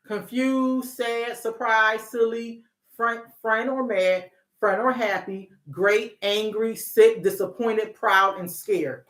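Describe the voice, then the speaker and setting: Chatty woman therapist in an echoey room. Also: a little high. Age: middle-aged. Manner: conversational, repeats words, rhetorical questions. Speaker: host, therapist. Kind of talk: casual talk on parenting and emotions.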